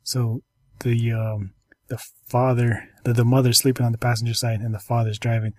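A man hosting a casual chat, talking haltingly with many ums and restarts while telling stories and going through apps. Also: mid-range voice, flat delivery, a little mellow, no room sound.

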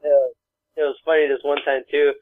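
A man's voice: fairly high pitch, little pitch movement, fairly quick. A man co-hosting a podcast, telling funny stories in a laid-back way, often laughing. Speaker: podcast co-host. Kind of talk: casual chat. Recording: dry tinny phone-like sound.

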